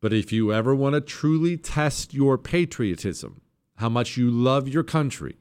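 A man's voice: mid-range voice, a little slow, smooth. Emphatic male talk radio host. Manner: emphatic, sarcastic, lively delivery. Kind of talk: political talk radio monologue.

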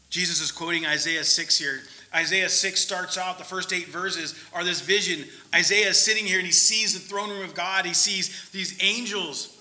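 A man preaching a conversational sermon, often checking in with his listeners and moving between loud emphasis and quiet asides. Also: a little high, low-quality recording.

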